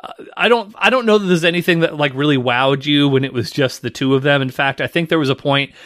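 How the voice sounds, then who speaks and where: Bright, teasing podcast co-host man. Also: fairly high pitch, fast, no echo, clean studio sound. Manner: teasing, recaps match play by play. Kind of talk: casual wrestling recap chat.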